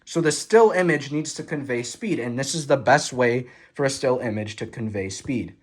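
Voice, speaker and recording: An excitable young man, recorded on a phone, reviews a film photo book as a vlogger. His husky voice sits at medium pitch and moves at a moderate pace, and his casual, enthusiastic commentary is peppered with offhand swearing, plenty of fillers, and frequent restarts.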